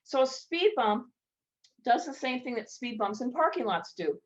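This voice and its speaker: Brief: woman retail speaker, a touch high, animated storyteller, muffled lo-fi sound. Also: normal speed. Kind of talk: speaker showcase presentation.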